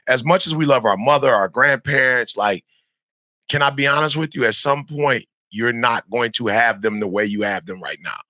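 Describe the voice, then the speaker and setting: A man's voice: medium pitch, normal speed, sharp tone, dry recording, studio quality. A middle-aged man giving an emphatic, repetitive motivational talk to young students, like a preacher. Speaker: motivational speaker.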